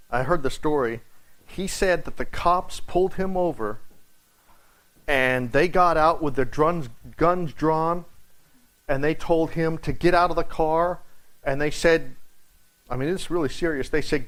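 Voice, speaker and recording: Animated male pastor with a high voice. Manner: animated storytelling, acts out quotes. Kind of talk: Bible study teaching. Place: church.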